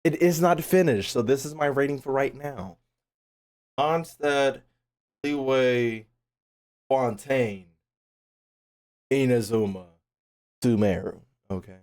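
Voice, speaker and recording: A man's voice: mid-range voice, slow, pauses often, darkish tone. A young man, a gaming YouTuber, ranting casually and animatedly, swearing and repeating himself as he ranks game regions.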